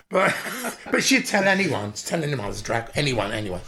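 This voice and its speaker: A man, a drag performer, telling animated, camp stories as a guest on a podcast. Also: fairly quick, gravelly, background noise. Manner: animated, camp, mimics his mother in a high voice. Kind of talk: casual interview storytelling.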